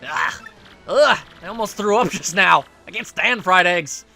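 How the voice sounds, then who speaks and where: A man voicing a loud, grumpy giant turtle king villain who blusters and shouts in a comic way. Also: high-pitched, measured pace, soft background music, full character voice. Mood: blustering.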